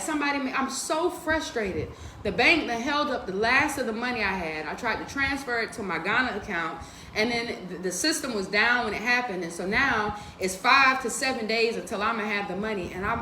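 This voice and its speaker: A woman hosting a livestream book reading, talking in a candid, profane, animated way. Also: on the high side. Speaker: livestream host reading a self-help book. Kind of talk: casual livestream talk. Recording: roomy echo, faint noise.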